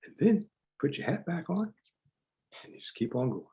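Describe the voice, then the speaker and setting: A man's voice: a little high, big pitch swings, moderate pace, warm tone. An older male psychologist leading a workshop, telling stories in a chatty lecture and often repeating words as he restarts. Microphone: online workshop recording.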